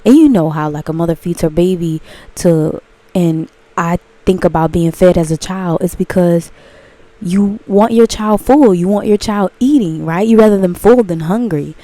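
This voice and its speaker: A woman talking casually and expressively to her viewers in a self-help vlog, stretching words and swinging into excited bursts. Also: fairly low pitch, dry recording. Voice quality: animated, drawn-out expressive delivery. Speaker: channel host.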